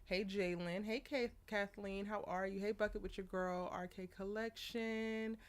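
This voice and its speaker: A woman's voice: medium pitch, steady tone, measured pace, clear, resonant tone. Chatty woman hosting a live stream. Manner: chatty, greets viewers by name, laughs often. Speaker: live show host. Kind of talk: casual live-stream chat.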